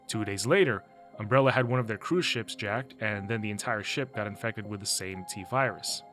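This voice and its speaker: A man's voice: on the low side, fairly quick, a bit bright, soft background music. A man narrating a casual, opinionated video game story recap and laughing often. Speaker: gaming video host.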